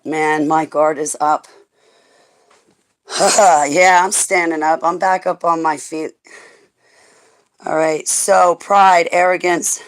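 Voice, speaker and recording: A woman's voice: low-pitched, steady tone, slow, pauses often, low-quality recording. A woman hosting a rambling livestream chat with viewers, emotional and profane, often laughing, and at times praying aloud. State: stressed. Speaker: livestream host.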